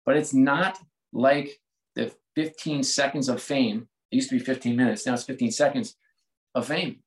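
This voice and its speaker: On a low-quality recording, a medium-pitched man talks at normal speed with fairly even intonation. He is a sports executive in his forties from the United States, appearing as a guest in a conversational interview, speaking candidly and reflectively with frequent sentence restarts.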